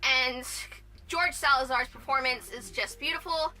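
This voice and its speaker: Bright, high-voiced young woman vlogger. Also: measured pace. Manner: rambling, lots of "like" and restarts. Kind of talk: casual vlog commentary.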